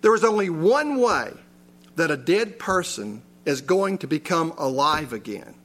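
High-voiced man preaching a sermon. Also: sing-song, measured pace, a bit bright. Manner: rhetorical questions, rising emphasis. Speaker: pastor. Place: church.

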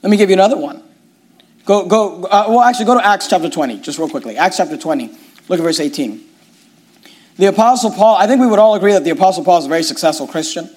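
A man's voice: high voice, lively intonation, fast, a little mellow. A middle-aged man, a pastor, preaching a sermon with emphatic, repetitive phrasing.

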